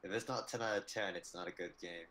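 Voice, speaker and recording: Co-hosting a casual livestream, a young man talks quickly in a low, fairly even, slightly bright voice. He rambles in loose, trailing phrases and leans heavily on "like" to fill gaps.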